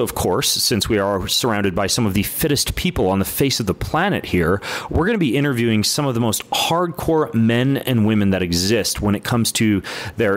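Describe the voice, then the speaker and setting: A man hosting a podcast intro, upbeat and teasing his co-host. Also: fairly low pitch. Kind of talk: casual podcast intro chat.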